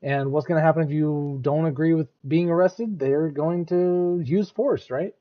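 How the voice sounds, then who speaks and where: A man's voice: fairly high pitch, normal speed, highs cut off. Hesitant American man, casual commentary. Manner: hesitant, restarts and repeats words. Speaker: reaction streamer.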